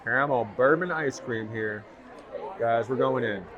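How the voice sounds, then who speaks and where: A man's voice: medium pitch, measured pace, muffled recording. A man vlogging a food review in a restaurant, enthusiastic and raving about each bite. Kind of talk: casual food review to camera. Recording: busy restaurant crowd behind. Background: restaurant crowd chatter.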